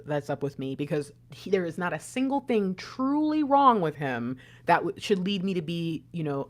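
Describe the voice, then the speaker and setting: A woman hosting a casual spiritual talk for her viewers, chatty and animated, dropping to soft whispers and rising to loud outbursts. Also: on the low side. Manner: chatty, frequent fillers and asides. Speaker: spiritual channel host.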